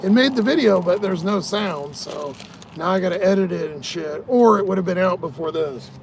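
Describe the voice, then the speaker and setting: A man's voice: high voice, lively intonation, normal speed, gravelly, a crowd in the background. A tired man vlogging in a casual, rambling way, swearing often and laughing at his own stories. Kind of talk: casual rambling vlog talk.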